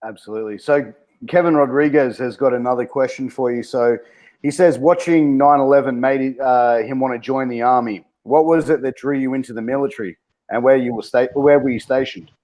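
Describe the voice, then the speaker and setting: Male host, mid-pitched, reads viewer questions plainly. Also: fairly quick, a little mellow. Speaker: interview host.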